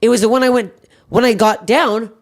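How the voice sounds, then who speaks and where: A woman's voice: a little high, a little fast. A woman from Canada hosting a podcast, telling a story in casual chat, brash and profane, acting out the people in it. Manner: brash, profane, animated storyteller who acts out other people. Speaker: comedian and podcast host.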